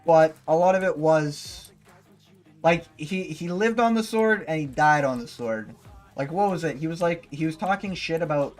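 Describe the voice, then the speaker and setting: Casual swearing male streamer. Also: a little high. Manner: rambling, swears freely, lots of fillers like "you know". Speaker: livestreamer. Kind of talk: casual stream chat while gaming.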